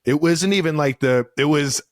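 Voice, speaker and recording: A man's voice: fairly high pitch, normal speed, no echo, studio quality. A man from Cleveland co-hosting a podcast, chatting loosely with lots of laughing and swearing. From Cleveland, Ohio. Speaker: podcast co-host. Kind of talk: casual chat.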